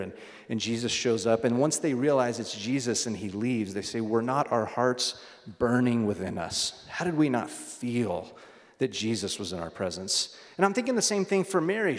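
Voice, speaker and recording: A man preaching a sermon as pastor, in a loose conversational way, telling stories between readings. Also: fairly low pitch. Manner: conversational, storytelling with small restarts. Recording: long hall reverb.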